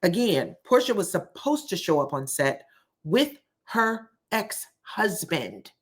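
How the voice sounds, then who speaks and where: A woman's voice: on the low side, very animated, takes it slowly, husky. A woman recapping a reality TV episode in a chatty, opinionated way, talking straight to her viewers. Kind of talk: casual recap vlog.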